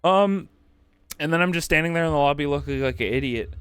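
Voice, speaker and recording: A man's voice: a little high, fairly quick, fairly bright tone, clean tone, dry recording. A man streaming, telling a rambling, profane anecdote in casual chat and acting out quotes. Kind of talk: casual storytelling on a livestream.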